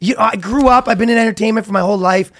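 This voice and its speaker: A man's voice: high-pitched, very fast. A man hosting a comedy podcast, telling crude, joking stories full of swearing in casual chat. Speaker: podcast host.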